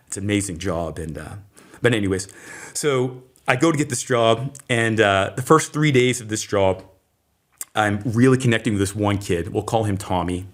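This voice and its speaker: A middle-aged man from Maine, an interview guest, telling a personal story in a lively way and acting out the voices of people in it. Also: fairly low pitch, moderate pace. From Maine, USA. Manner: animated storyteller who acts out quoted voices. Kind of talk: storytelling in conversation.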